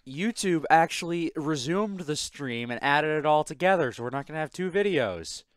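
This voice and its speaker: A man's voice: a little high, lively intonation, moderate pace, no room sound, studio quality. A man hosting a casual podcast, telling a work story in a profane, exasperated way. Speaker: podcast host. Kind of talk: casual chat.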